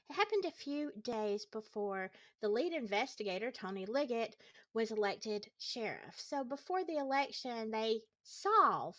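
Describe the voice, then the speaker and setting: A woman talking casually to her livestream viewers, her high voice swinging widely between notes as she gets heated. She sounds worn out but opinionated, tossing in sarcastic asides. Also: a bit bright. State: tired. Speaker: YouTube true-crime commentator.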